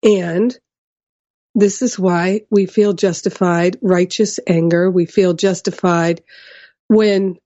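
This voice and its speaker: A woman giving a measured spiritual teaching talk, explaining ideas and often checking in with "right?". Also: fairly low pitch, fairly even intonation, warm tone, no room sound, lo-fi sound.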